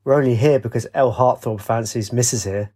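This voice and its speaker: A man voicing a gruff, distrustful male captain who speaks bluntly. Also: mid-range voice, a little fast, a little mellow, natural voice. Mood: grumbling. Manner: blunt and grumbling.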